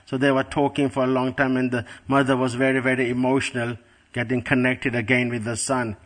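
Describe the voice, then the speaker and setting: A man's voice: medium pitch, level tone, fairly quick, fairly bright tone. A middle-aged man giving a devotional class, telling a story in an earnest way and repeating words for emphasis. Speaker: spiritual teacher.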